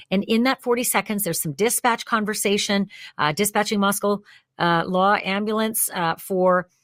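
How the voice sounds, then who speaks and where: A woman's voice: mid-range voice, a bit bright, no echo, studio quality. A woman hosting a true crime show, talking through the evidence step by step in a conversational way. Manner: acts out quoted lines with more energy. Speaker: true crime channel host.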